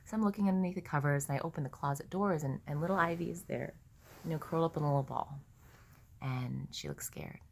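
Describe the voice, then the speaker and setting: A young woman telling a candid personal story, halting at times and often acting out dialogue. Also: low-pitched, gravelly, slight background noise. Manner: candid, halting, with many restarts and quoted dialogue. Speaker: vlogger.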